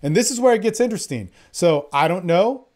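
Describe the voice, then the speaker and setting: A man's voice: sits high, expressive, a little fast, a little mellow. A man who works as a dating coach, talking in an angry, profane, rambling monologue. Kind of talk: impassioned monologue.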